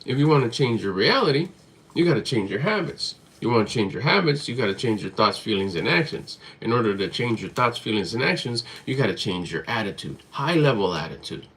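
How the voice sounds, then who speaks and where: A motivational vlogger with a fairly bright, medium-pitched, sing-song voice talks to camera a little fast, blunt and emphatic, swearing freely and driving his points home through repetition.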